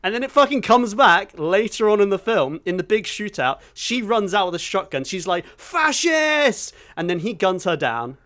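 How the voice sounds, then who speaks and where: A man's voice: sits high, lively intonation, moderate pace, hardly any pauses, fairly bright tone. A man co-hosting a podcast in casual chat, enthusiastic and sweary, acting out film moments with sound effects. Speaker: podcast co-host.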